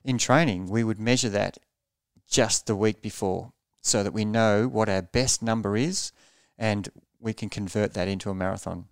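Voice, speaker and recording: In a podcast interview, a triathlon coach with a lowish, clear, resonant voice speaks at normal speed, earnestly explaining pace and repeating words as he thinks. The studio sound is clean, with no room sound.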